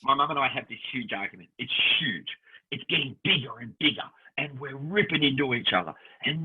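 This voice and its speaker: A man co-hosts a casual chat, telling lively stories and slipping into the voices of the people in them. His voice has a husky grain. It comes through tinny, like a phone line. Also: medium pitch, normal speed. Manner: animated storyteller acting out quoted voices. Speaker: podcast co-host.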